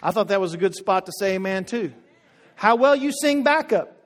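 High-voiced preacher in an echoing hall. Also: male voice, animated, normal speed, a faint crowd. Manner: emphatic, repeats phrases, swings from loud to hushed. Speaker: pastor. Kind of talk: sermon.

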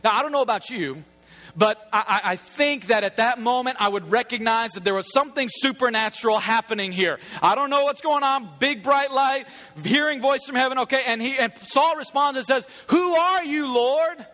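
A man delivers a sermon in a strikingly high, sharp-edged voice. He talks casually and with humor, as if chatting with the congregation. Key points come back as emphatic, repeated phrases. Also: normal speed. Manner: casual, humorous, conversational preaching. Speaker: preacher.

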